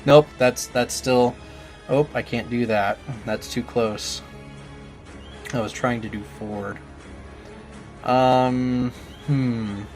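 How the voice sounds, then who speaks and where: A man's voice: mid-range voice, fairly even intonation, takes it slowly, long pauses, a little mellow, soft background music. A man playing a game and trying out character voices, chatting casually in a self-deprecating way.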